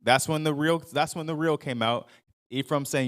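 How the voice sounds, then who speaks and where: A man leads a casual Bible study for his congregation, his voice a little high, clear and resonant at a moderate pace. His teaching is loose and conversational, full of fillers and restarts, and he raises his voice to act out the people he quotes.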